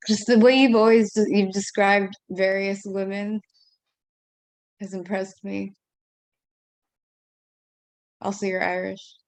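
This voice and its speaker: A woman writer chatting about her piece in an excitable, self-deprecating way, tripping over her words. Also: medium pitch, slow pace, long pauses, dry recording. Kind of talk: casual chat.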